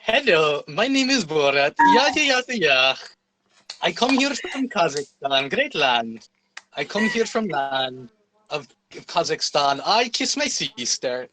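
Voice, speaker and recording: A man's voice: fairly high pitch, expressive, moderate pace, pauses often, sharp tone, slight background noise, low-quality recording. A man doing a hammy put-on foreign accent as a boastful male reporter.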